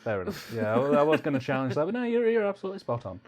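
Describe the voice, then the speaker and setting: A man's voice: on the high side, big pitch swings, very fast, a little mellow. Jokey man hosting a commentary. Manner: jokey, rambling, hesitant with fillers. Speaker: host of a film commentary channel. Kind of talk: casual chat.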